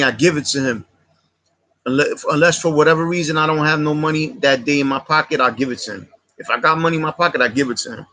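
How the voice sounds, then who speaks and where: Heartfelt New man with bright tone. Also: fairly high pitch. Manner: street slang, repetitive and heartfelt. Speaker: channel host. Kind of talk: casual livestream storytelling.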